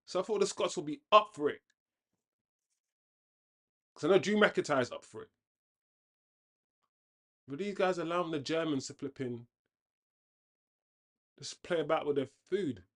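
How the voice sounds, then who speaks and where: A man hosting a casual football watchalong, chatting on tangents and reacting loudly to the play. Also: a little high, a little slow, pauses often. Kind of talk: casual live match commentary.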